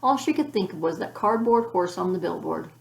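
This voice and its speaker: Woman narrating a kids story, calm and even, echoey room. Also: lowish voice, a little fast, creaky. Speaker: audiobook reader. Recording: roomy echo.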